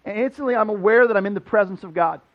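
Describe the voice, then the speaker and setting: A man preaching as a pastor, telling a personal story in a casual, animated way full of "like" fillers. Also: high voice, fast, phone-quality sound. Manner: conversational, animated, many "like" fillers. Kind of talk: storytelling sermon. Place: church building.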